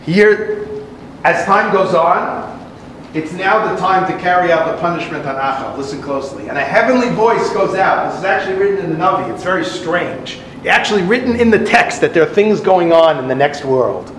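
A man's voice: sits high, lively intonation, moderate pace, a bit bright, echoey room, slight background noise, rough recording. A man giving a talk, retelling an old story with dramatic flair and acting out the voices.

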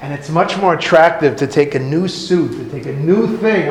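A man giving a sermon as a religious teacher, telling a parable in an animated, conversational way. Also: on the high side, moderate pace, few pauses. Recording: very echoey room, faint noise.

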